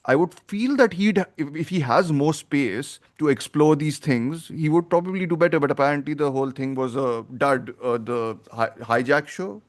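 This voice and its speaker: A man's voice: on the high side, normal speed, hardly any pauses. A man hosting a film podcast, talking in a rambling, opinionated way as he thinks aloud. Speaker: podcast host. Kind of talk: casual film review chat.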